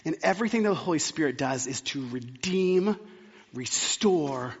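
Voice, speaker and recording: Male pastor, conversational sermon delivery, husky tone, muffled hall recording. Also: a little high, lively intonation, normal speed. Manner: conversational, emphatic repetition. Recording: long hall reverb, dull sound.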